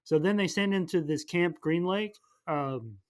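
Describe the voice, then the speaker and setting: A man's voice: a little high, a little mellow. A young man co-hosting a podcast, rambling through a comedic movie recap and popping into silly character voices. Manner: goofy, acts out characters in quick silly voices. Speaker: podcast co-host.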